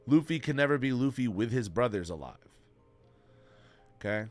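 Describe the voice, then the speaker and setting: A man's voice: medium pitch, animated, moderate pace. A man streaming to his chat, giving heartfelt advice in an earnest, emotional way, swearing freely and repeating himself. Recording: faint music in the background.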